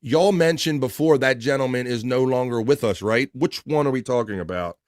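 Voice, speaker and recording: A man's voice: medium pitch, moderate pace, no echo, clean studio sound. Rambling male livestream host reading chat. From East Coast of the US. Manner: rambling, reads chat messages aloud with filler words.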